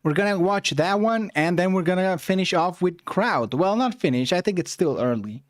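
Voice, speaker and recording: A man's voice: high voice, lively intonation, normal speed, dry recording, clean studio sound. Casual man reacting on stream. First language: Spanish. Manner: loose, filler-heavy, chats with viewers.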